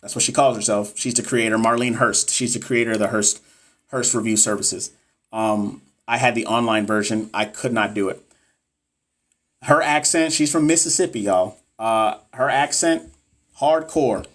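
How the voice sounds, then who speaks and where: A man's voice: mid-range voice, normal speed, a bit bright. Guy doing a casual live q&a for nclex prep, chatty, lots of fillers, normal middle voice. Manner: chatty, loose, reads viewer comments aloud, lots of fillers. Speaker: NCLEX tutor and course seller. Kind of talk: casual livestream Q&A. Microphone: phone or webcam on a livestream.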